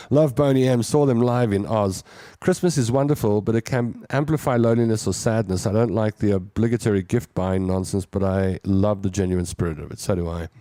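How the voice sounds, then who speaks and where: A man's voice: fairly low pitch, warm tone, dry recording, studio quality. Chatty man hosting a show. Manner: chatty, reads comments aloud and riffs on them. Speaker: radio show host reading listener comments. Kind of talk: casual chat.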